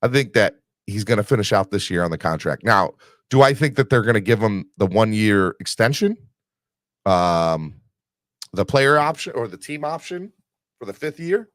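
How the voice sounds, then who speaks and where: A man's voice: on the low side, expressive, normal speed, dry recording. A man hosting a casual sports podcast, rambling with restarts while recovering from an illness. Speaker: podcast host.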